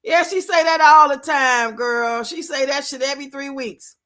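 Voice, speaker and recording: High, bright-voiced woman ranting bluntly. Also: normal speed. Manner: blunt, profane, rants and scolds with lots of swearing. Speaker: streamer and commentator. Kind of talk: casual live-stream commentary. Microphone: streaming mic.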